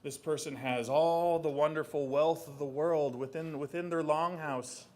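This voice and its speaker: A man's voice: a little high, fairly even intonation, moderate pace, a little mellow, lightly acted. A man voicing a group of humble fishermen in a spoken folk tale, plain and resigned. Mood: explaining.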